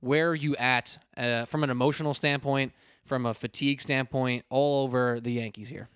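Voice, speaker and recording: A man's voice: mid-range voice, steady tone, moderate pace, fairly bright tone, clean tone, no room sound, clean studio sound. A man hosting a casual sports podcast, joking and rambling with frequent restarts. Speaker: podcast host. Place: indoors at a table with a co-host.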